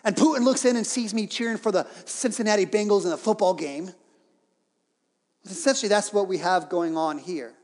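A man preaching a sermon, telling a story in a lively way with joking modern asides. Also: high voice, fairly quick. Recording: reverberant hall.

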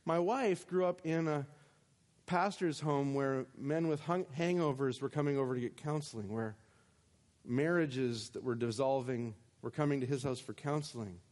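A male pastor preaching a sermon, animated, acting out imagined speakers and slowing down to read scripture. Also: medium pitch, in a large hall.

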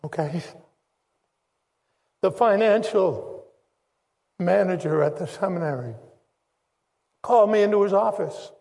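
An older man preaches from the pulpit in a high-pitched voice. He tells his story earnestly and circles back on key phrases for emphasis. His voice carries a long reverb through a church sanctuary. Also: measured pace, vocal fry, pauses often, a little mellow. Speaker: pastor. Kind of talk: sermon testimony.

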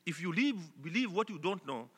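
Emphatic preacher in a reverberant hall. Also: male voice, sits high, lively intonation, normal speed, fairly bright tone, slightly rough. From Kenya. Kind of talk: sermon.

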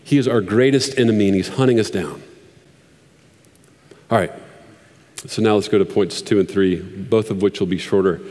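A man's voice: on the low side, normal speed, pauses often, mellow. A man in his thirties preaching a sermon in an earnest, conversational way, with fillers and restarts. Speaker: pastor. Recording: long hall reverb.

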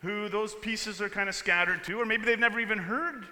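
A man plays an easygoing painter who talks plainly and calmly. His voice is high and very bright. It carries through a large reverberant hall. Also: fairly quick. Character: friendly male painter explaining with pictures. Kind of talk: live church camp skit.

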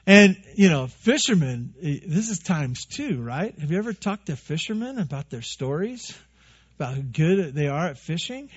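A pastor preaches in a loose, conversational way, cracking jokes and firing off rhetorical questions at his congregation. His voice sits fairly high for a man and has a husky edge. The recording sounds dull and lo-fi. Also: sing-song, moderate pace. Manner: conversational, joking, asks many rhetorical questions. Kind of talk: sermon.

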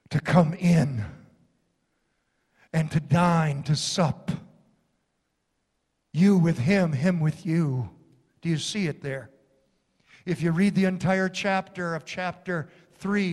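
Male preacher, very high voice, slow deliberate passionate sermon delivery, in a reverberant hall. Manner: impassioned, rising to shouts and dropping low.

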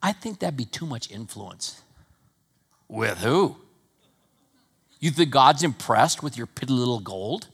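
A man preaching a sermon in a Wyoming accent, rising to loud emphatic peaks and then dropping to low, conversational asides. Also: very animated, measured pace, long pauses, husky. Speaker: pastor.

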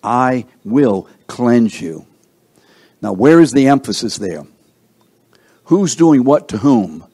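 Guy preaching, keeps asking the crowd questions, gets loud then drops real quiet. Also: medium pitch, slightly rough. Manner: call-and-response questions to the congregation; emphatic, swings from loud to hushed. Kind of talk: sermon.

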